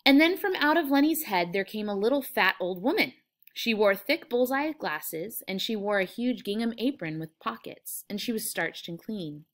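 A woman's voice: medium pitch, expressive, moderate pace, a bit bright. A woman English teacher reading a novel aloud and explaining it to her students, with frequent fillers.

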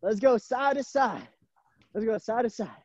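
This very high-voiced man is animated and talks at a moderate pace, the lo-fi recording carrying no echo. Leading a live virtual gymnastics session from a gym over a video-call camera mic, he encourages the children and calls them by nickname.

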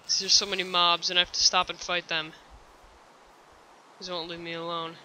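Bright, frustrated let's-play gamer voice. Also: medium pitch, little pitch movement, fairly quick, slight background noise, low-quality recording. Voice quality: thick voice, keeps clearing throat. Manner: easily frustrated, complaining aloud. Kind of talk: casual game commentary. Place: at home.

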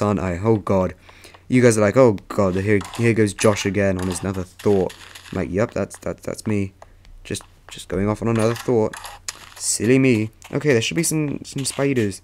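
A man's voice: fairly low pitch, darkish tone, slight background noise. Rambling young man narrating gameplay. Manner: rambling, chatty, prone to sudden yelps. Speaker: let's play host. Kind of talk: casual gameplay commentary.

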